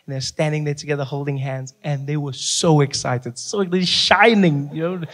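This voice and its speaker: A man doing stand-up comedy, telling stories animatedly and acting out the people in them. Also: normal speed. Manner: animated, acts out characters with big pitch swings. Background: audience laughter.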